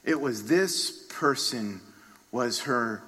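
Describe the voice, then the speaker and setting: A man delivers a sermon at a deliberate, unhurried pace, his voice bright and forceful. He moves between hushed passages and loud, charged ones as he tells the story. Long reverb trails after every phrase, as in a large hall. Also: medium pitch, breathy edge. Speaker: pastor.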